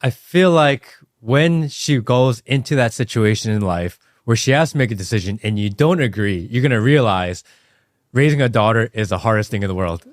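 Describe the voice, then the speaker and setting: Male podcast host, lively voice. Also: fairly low pitch, moderate pace. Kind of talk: casual podcast conversation.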